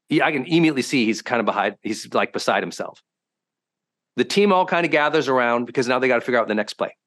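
A man hosting a podcast, a high-performance coach telling stories in a lively, conversational way and acting out quotes with sudden bursts. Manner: animated, swings into loud acted quotes. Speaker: host.

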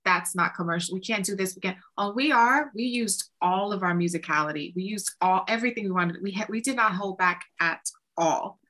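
A woman's voice: mid-range voice, a little fast, few pauses. A woman guest on an interview, chatting casually and acting out remembered conversations with many "like"s. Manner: animated, acts out quoted exchanges with lots of "like". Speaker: songwriter and producer guest.

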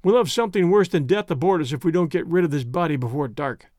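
A man voicing an exhausted English gentleman castaway who speaks in an earnest, strained way. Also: fairly high pitch, expressive, quick pace, dry recording, clean studio sound, natural voice. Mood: urgent.

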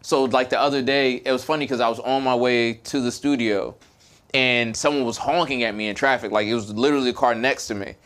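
A man's voice: mid-range voice, steady tone, a little fast, fairly bright tone. A man co-hosting a podcast, telling stories in a casual, reflective way with lots of fillers and restarts. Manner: reflective, hesitant storytelling with many fillers. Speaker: podcast co-host. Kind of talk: casual chat.

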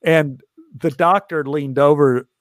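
A man's voice: on the high side, fairly even intonation, slow, dry recording, clean studio sound. A middle-aged man telling a personal story, wry and self-mocking, acting out other people's lines with big jumps in his voice.

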